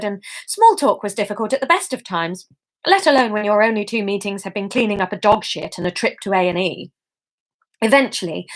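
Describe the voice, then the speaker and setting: A woman's voice: mid-range voice, fairly bright tone. A woman reading her own story aloud to an audience, with chatty, self-mocking asides.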